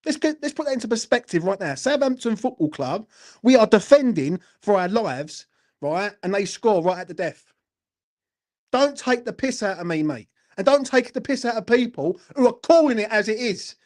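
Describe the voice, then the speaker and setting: A man's voice: sits high, very animated, normal speed, darkish tone. Livid, sweary man ranting. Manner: furious, heavily sweary, keeps asking "do you know what I mean". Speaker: fan channel host. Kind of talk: angry post-match football rant.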